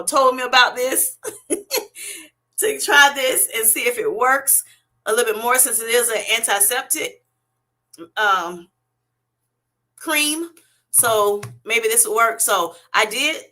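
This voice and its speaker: Bright-voiced woman hosting a laughing live chat. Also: a little high. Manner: animated, laughing often, reading chat comments aloud. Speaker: livestream host. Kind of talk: casual livestream chat. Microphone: webcam or streaming setup.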